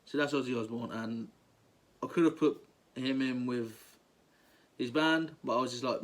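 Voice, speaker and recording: A man's voice: medium pitch, moderate pace, pauses often. A young man, talking casually and enthusiastically as a vlogger, gushing through a countdown with lots of ums and likes.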